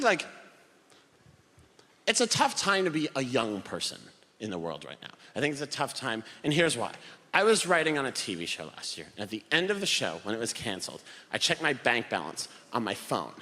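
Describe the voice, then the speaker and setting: A young man doing a stand-up comedy set before a live audience, telling stories in an animated way and acting out characters in bursts. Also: medium pitch. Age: young adult. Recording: live venue with long hall reverb and faint ambience.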